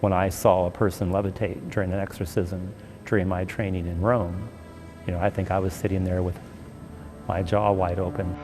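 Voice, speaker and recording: A man, a priest, telling an eerie personal story in an animated, interview manner. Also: deep voice, normal speed, over music.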